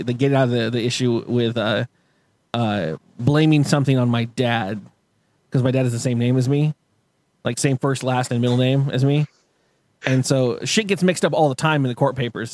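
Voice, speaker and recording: A man co-hosting a casual podcast, telling stories in a rambling, halting way with frequent laughs. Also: mid-range voice, a little mellow. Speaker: podcast co-host. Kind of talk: casual chat.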